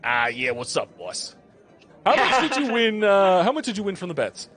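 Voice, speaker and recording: A man voicing a slick, easygoing male goblin bookie in a tabletop game, low and chummy. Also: big pitch swings, normal speed, fairly bright tone, full character voice.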